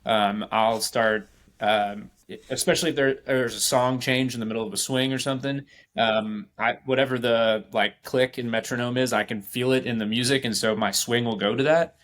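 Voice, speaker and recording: A man's voice: medium pitch, steady tone, moderate pace, a bit bright. A man who is a musician, chatting casually and hesitantly on a podcast. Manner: hesitant, many fillers. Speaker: musician guest. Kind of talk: casual chat.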